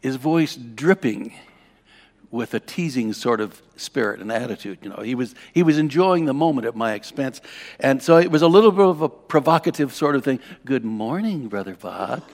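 A man preaching a sermon, telling a personal story with strong emotion, dropping to a hush and rising to loud declarations. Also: medium pitch, normal speed, in a large hall. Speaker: pastor.

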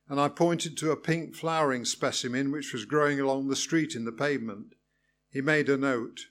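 A man's voice: mid-range voice, normal speed, a bit bright. A man reading a first-person story aloud in a wry, good-humoured way. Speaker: narrator.

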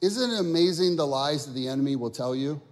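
A man preaching a sermon in church, swinging from quiet talk to shouting and stretching words out. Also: fairly high pitch, lively intonation, fast, big-room sound. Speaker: pastor. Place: church sanctuary.

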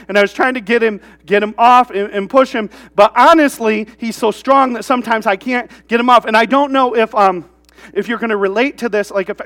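A man with a fairly high voice delivers a relaxed, conversational sermon. He keeps tossing rhetorical questions at the room and tells stories from family life. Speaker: pastor.

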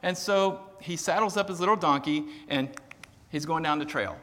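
A man delivers a sermon in a chatty, storytelling manner and jokes at his own expense. His voice sits high and bright. It rings out with a long reverb in a church sanctuary. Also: moderate pace. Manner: conversational, storytelling, self-deprecating humor. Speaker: preacher.

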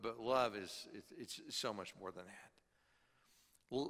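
A middle-aged man preaching a sermon as pastor, earnest, swinging from emphatic high peaks to quiet low drops. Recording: long hall reverb.

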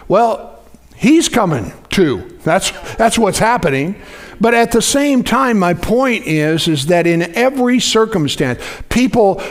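Man, 60s, pastor, conversational sermon, slightly high voice, frequent restarts. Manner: conversational preaching with frequent restarts and questions to the congregation.

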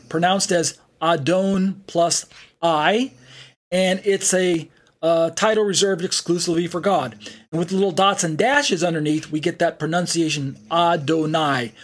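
A man teaching an online Bible study, explaining slowly and spelling words out letter by letter, with frequent fillers. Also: sits high.

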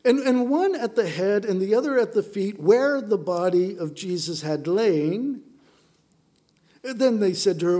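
High-voiced, animated male preacher. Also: measured pace, pauses often. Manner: animated storytelling, playful asides to the congregation. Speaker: pastor. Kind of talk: sermon.

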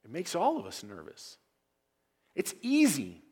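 A male pastor preaching a sermon in a church, moving from quiet, low passages to loud, emphatic ones. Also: huge pitch swings, a little slow. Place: church sanctuary.

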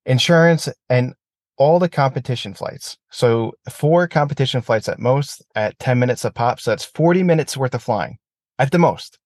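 A man's voice: mid-range voice, moderate pace, no echo. A man talking casually about aerobatic flying, swearing freely and ranting when heated. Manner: profane, animated rants. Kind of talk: casual chat.

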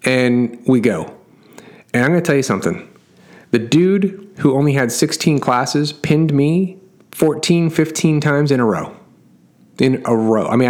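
A middle-aged man coaching his clients through a casual story, emphatic and repeating words for effect. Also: mid-range voice.

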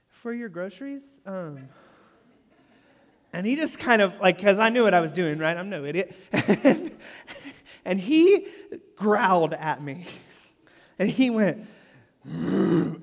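A man in his thirties preaching a sermon, telling a story with humor and often checking in with "right?". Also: high-pitched. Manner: animated, jokey storyteller who asks the room "right?". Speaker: pastor. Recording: long reverb of a large hall.

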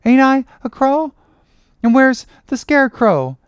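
A crazed young cabin boy chants and rambles in a sing-song, played by a woman. The voice is clean and smooth, sitting a little high, and it drifts along at a very unhurried pace. The recording is dry and close, like a storybook read in the studio. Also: big pitch swings, no echo. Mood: rambling. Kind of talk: audiobook character reading.

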